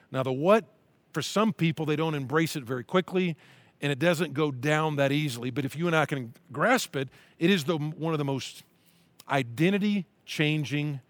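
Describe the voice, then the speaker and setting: Male pastor, earnest sermon delivery, slightly high voice, dry close recording. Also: no echo. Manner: earnest preaching, slows down to read scripture aloud. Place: church at-home broadcast.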